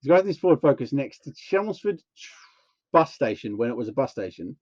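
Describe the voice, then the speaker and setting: A man's voice: medium pitch, brisk, no echo, highs cut off. A man telling a long, rambling anecdote on a casual podcast, acting out what people said. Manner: rambling, animated anecdote with acted-out quotes. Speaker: podcast co-host. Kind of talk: casual storytelling chat.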